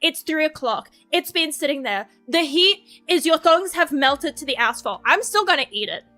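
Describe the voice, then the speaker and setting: A high-voiced woman rambles through a casual stream chat, crude and profane and quick to laugh. Her tone is bright and sharp. Soft music plays underneath. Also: expressive. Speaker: VTuber streamer.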